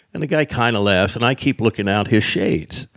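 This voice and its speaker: A lowish, gravelly male voice recorded dry and close on a podcast mic. A comedian spins road anecdotes, slipping into quick impressions of the people in them. He breaks into his own laughter now and then. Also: dry recording. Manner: lively raconteur who acts out others' lines and laughs at his own tales. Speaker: stand-up comedian, podcast guest. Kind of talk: casual storytelling interview.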